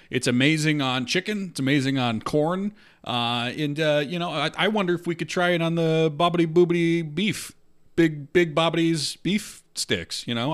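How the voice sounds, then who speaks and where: A man's voice: mid-range voice, fairly bright tone. Sarcastic mock-indignant podcast man. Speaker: comedy podcast co-host. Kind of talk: improvised comedy podcast banter.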